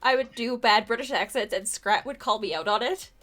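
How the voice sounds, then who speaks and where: A woman's voice: on the high side, a little fast, a crowd in the background. A woman hosting a casual livestream chat, laughing, swearing and rambling. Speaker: podcast host.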